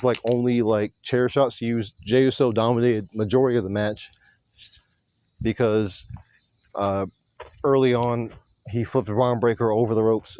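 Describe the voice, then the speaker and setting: A man's voice: on the low side, a little mellow, dry recording. Rambling, profane man recapping wrestling. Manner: rambling, profane, self-correcting. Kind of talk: casual recap monologue.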